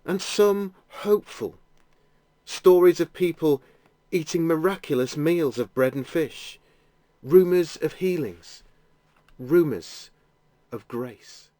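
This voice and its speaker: A man narrating a guided imaginative prayer, telling the scene gently in the second person. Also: a little high, slow, long pauses, dry recording.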